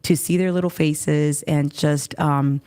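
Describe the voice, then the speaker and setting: A woman's voice: low-pitched, fairly even intonation, unhurried, warm tone, smooth. A woman in her thirties from the Texas valley, talking emotionally in a casual chat and rambling with restarts. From Rio Grande Valley, Texas. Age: 30s.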